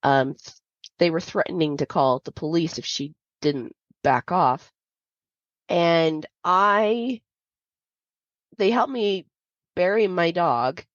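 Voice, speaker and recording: A woman's voice: fairly low pitch, slow, long pauses, no echo. Candid woman telling a personal story. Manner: candid, confiding, with many fillers. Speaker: podcast host. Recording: dull lo-fi dry sound.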